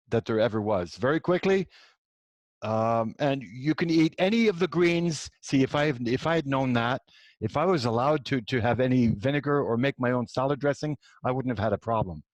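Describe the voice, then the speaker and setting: The recording is dry, carrying a middle-aged host's medium-pitched voice as he shares something that happened to him. He plays out each quoted exchange with energy, breaking off and restarting many times.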